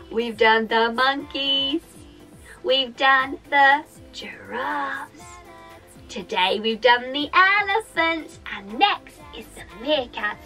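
British woman, children's music teacher, high voice, slow cheerful sing-song delivery. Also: lively intonation, bright, forceful tone. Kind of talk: interactive kids' music session.

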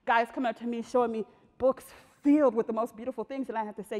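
A woman artist giving a talk, telling personal stories in a lively, slangy way. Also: fairly high pitch, fast. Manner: lively, slangy storytelling that acts out voices. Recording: long reverb of a large hall.

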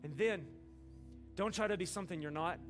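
A man's voice: high-pitched, brisk, soft background music. A man from Alabama, preaching a sermon in a folksy, humorous storytelling way. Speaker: pastor.

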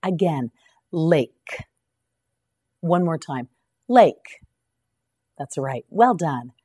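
Slow, patient woman teaching vocabulary. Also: low voice, darkish tone, husky. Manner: patient, repeats each word with drills. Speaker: English teacher. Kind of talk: slow scripted vocabulary lesson.

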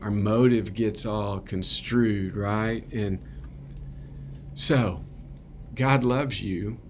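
A man's voice: on the low side, fairly even intonation, very slow, a little mellow, a little hiss or hum. A man giving a conversational, earnest sermon at a recovery ministry, often checking in with "right?". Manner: earnest, keeps asking "right?".

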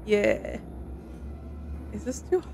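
A woman's voice: medium pitch, huge pitch swings, very slow, darkish tone, slight background noise. A young woman casually commenting while playing a video game, playful and chatty with the odd swear. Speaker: gaming streamer. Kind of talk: casual let's-play commentary.

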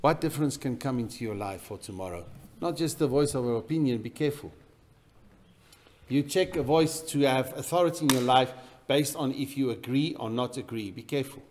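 Pastor preaching emphatically. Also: male voice, mid-range voice, a little fast, slight background noise. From South Africa. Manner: emphatic preaching, swinging from loud bursts to quiet intensity. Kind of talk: sermon. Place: church.

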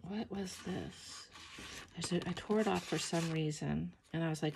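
Sleepy, gravelly-voiced woman talking art. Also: fairly low pitch, normal speed, background noise. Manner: soft, emotional, reflective, many ums. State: sleepy morning voice. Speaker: art journal vlogger. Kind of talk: casual flip-through chat.

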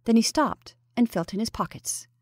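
A woman narrating a classic ghost story in a measured, even reading style. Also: fairly high pitch, no room sound, studio quality.

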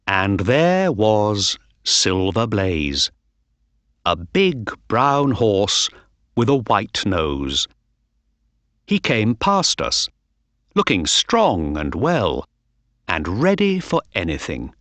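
A man reading a storybook aloud for learners, very slowly and clearly. His pitch moves widely and expressively, and the sound is close and dry. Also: no room sound. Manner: slow, clear, lively reading. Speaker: narrator. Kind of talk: slow storybook narration for learners.

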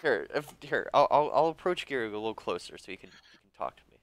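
A man playing a tabletop game, halting and stumbling as he asks questions. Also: mid-range voice, very animated, gravelly. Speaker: player. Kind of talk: tabletop role-play over voice chat.

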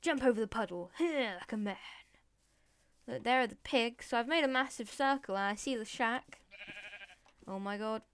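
A woman's voice: a little high, moderate pace, a bit bright, clear, resonant tone. A woman giving playful, chatty gameplay commentary, talking to in-game animals and dropping into whispered asides. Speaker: Let's Play gamer.

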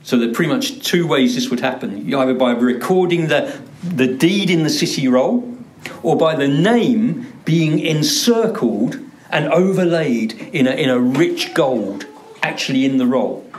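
A man's voice: on the high side, animated, measured pace. A male pastor preaching a sermon, driving points home by repeating words for emphasis. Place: church.

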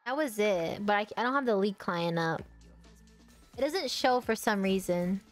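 A young woman streaming a game from home, chatting casually and quick to burst into excited exclamations. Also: mid-range voice, loud music behind the voice. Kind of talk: casual gaming commentary.

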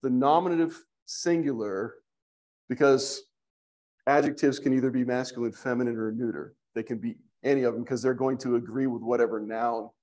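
A man teaching a Greek language class in a church classroom, slow and patient, thinking aloud with fillers as he explains. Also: medium pitch, a little mellow.

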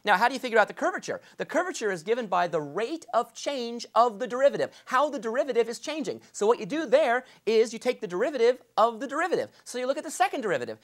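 A middle-aged man lecturing as a math professor, energetic and enthusiastic, with playful asides. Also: high voice. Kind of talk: fast-paced lecture.

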